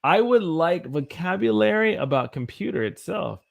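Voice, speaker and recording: A young American man, an English teacher, chatting on a live stream, animated and greeting his viewers by name. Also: high voice, normal speed, vocal fry, lo-fi sound. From United States. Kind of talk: casual live-stream chat.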